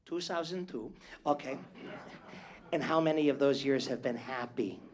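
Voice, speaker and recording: A man's voice: mid-range voice, moderate pace, a little mellow. A male entertainer chatting from the stage at a live venue, flamboyant and teasing, calling everyone "darling.". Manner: flamboyant and teasing, with constant endearments. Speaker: stage entertainer working the crowd. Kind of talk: live stage banter with the audience.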